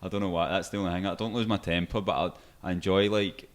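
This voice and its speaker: A Scottish podcast co-host with a deep voice talks fast with fairly even intonation. In casual chat, he tells anecdotes and acts out the voices in them with laughter.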